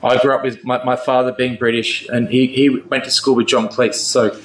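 A man's voice: medium pitch, little pitch movement, moderate pace, slight background noise. A man, a rock singer as a guest, chatting casually with many restarts, laughs and curses. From Australia. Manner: laughing, swearing, rambling with restarts. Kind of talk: casual interview chat. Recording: roomy echo.

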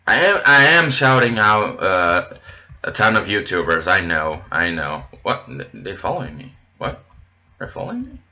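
A man with a low yet bright, edgy voice, talking slowly through casual gameplay commentary. He rambles and gets excited easily, addressing his viewers directly. The recording sounds dull and lo-fi. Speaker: gaming channel host.

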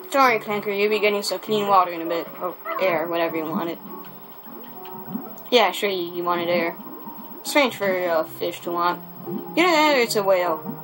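A young man talks his way through a video game in a loose, chatty ramble, repeating himself and muttering mild curses. Game music plays clearly underneath his voice. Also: high voice, poor audio. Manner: chatty, rambling, restarts often, quick mild cursing. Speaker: let's play gamer. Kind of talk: casual gameplay commentary.

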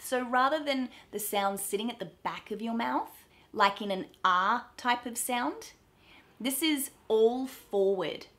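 A young Australian woman teaching pronunciation, drawing out vowel sounds slowly and clearly as she demonstrates them. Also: fairly high pitch, fairly bright tone. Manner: slow, drawn-out demonstration of sounds. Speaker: accent coach. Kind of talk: pronunciation lesson to camera.

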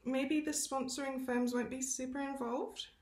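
A woman voices a chatty teenage girl in a voice that sits high, above her own natural pitch yet close to an everyday voice. Her intonation is fairly even, her pace moderate and her tone a little mellow, with roomy echo in the recording.

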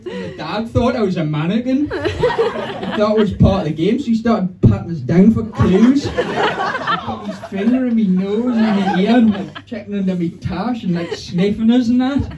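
A man doing stand-up, his voice high and swooping all over the place. He sounds a little far from the mic, and the live room is noisy around him. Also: normal speed, highs cut off. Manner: animated, punchy delivery with crowd laughter. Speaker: stand-up comedian. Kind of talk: stand-up storytelling. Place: comedy club stage. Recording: distant live club sound with audience.

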